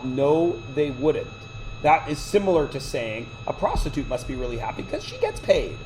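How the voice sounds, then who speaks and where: A male math teacher lecturing a classroom, his fairly high voice bouncing up and down as he talks. He drifts into chatty, joking tangents between explanations, and a faint hiss sits under the recording. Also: expressive, normal speed, a little mellow, low-quality recording. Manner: chatty, digressive, joking asides.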